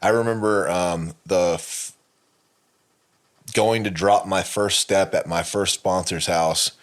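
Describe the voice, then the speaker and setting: A podcast co-host tells a candid personal story, his low voice slow and fairly even in intonation. The telling rambles, packed with fillers and restarts, and he swears often.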